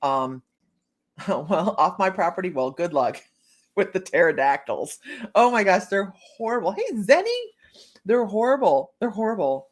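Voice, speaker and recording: A woman from Ohio in the United States hosts a psychic reading livestream, reading cards while chatting casually with viewers by name and laughing often. Her medium-pitched voice is very animated but unhurried.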